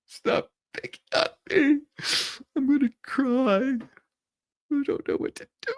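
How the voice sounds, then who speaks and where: A man mocking someone as a whining, teary crybaby man in a shrill voice. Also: very animated, takes it slowly, creaky, dry recording, studio quality, exaggerated voice. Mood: whiny. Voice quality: high whimpering whine. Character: whiny teary crybaby man being mocked.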